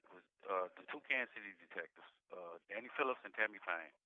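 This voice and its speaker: A man recounting past events in a halting, repetitive way, speaking in dialect and restarting often, heard over a jail phone call. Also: low-pitched. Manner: halting, repetitive, frequent restarts and "you know what I'm saying". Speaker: incarcerated interviewee. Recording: tinny phone line, dry.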